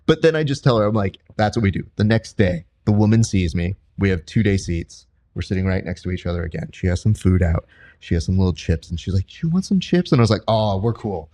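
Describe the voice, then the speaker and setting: A young male podcast host with a fairly low voice. He chats casually and tells stories with lots of energy, and his pitch leaps upward whenever he acts out what someone said. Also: brisk. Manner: animated storyteller, jumps pitch high for quoted voices. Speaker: podcast host and combat sports commentator. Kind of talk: casual interview chat.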